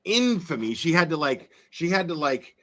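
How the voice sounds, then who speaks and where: A man's voice: fairly high pitch, normal speed, sharp tone. A man giving earnest opinion commentary in a played clip, repeating himself and stumbling over words.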